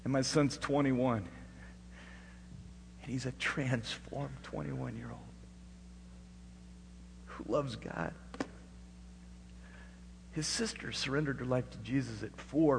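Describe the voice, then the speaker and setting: A middle-aged man preaching, his voice ringing with the long reverb of a hall. He tells a story, dropping to a hushed tone at times and then rising loud and emphatic. A faint hum sits under the recording. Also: mid-range voice, steady tone, measured pace, gravelly, long pauses. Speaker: pastor. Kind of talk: sermon.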